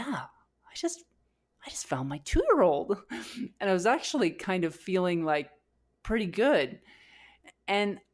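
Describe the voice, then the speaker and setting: A woman with a notably low-pitched voice tells a deeply personal story on her podcast. She speaks candidly and openly, circling back with fillers and restarts as she works through what happened. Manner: candid, emotional retelling with frequent fillers and restarts. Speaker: podcast co-host.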